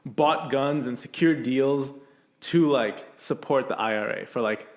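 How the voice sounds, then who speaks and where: A man's voice: mid-range voice, unhurried. A man hosting a casual podcast chat, rambling with lots of fillers as he thinks aloud. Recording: roomy echo.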